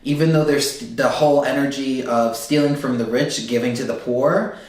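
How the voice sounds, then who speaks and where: A man's voice: mid-range voice, fairly even intonation, normal speed, a little mellow, far from the mic. A man giving a casual astrology reading, loose and emphatic, often checking in with "okay?". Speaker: tarot reader. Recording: very echoey room, voice set back from the mic.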